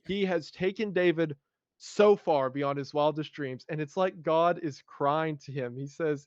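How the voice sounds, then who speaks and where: A male podcast host talks in a casual, heartfelt, emotional way and reads scripture aloud with enthusiasm and feeling. His voice is a little high and measured in pace, and the recording has no room sound, with the highs cut off.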